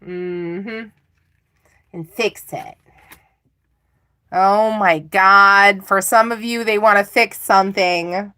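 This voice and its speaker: Casual tarot reader, middle-aged woman, slow and chatty with frequent laughs. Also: medium pitch, a bit bright. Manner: chatty and self-teasing, laughing often. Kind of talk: live tarot reading.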